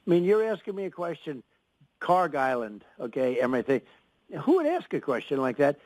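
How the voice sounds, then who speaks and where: A man's voice: a little high, very animated, moderate pace, darkish tone, no room sound, poor audio. Older guy bragging in an interview, repeats himself a lot, dry close audio. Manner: boastful, repetitive, rambling. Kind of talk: radio interview.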